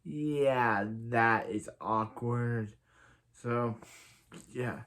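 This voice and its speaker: A man recaps a TV episode in a loose, rambling way, stringing scenes together with endless filler and restarts. His voice sits at a medium pitch, and he quotes the characters without changing his tone. It sounds like a casual review. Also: very slow, fairly bright tone. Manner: rambling, retells scenes with constant "he's like" and filler "so, yeah". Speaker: TV show reviewer.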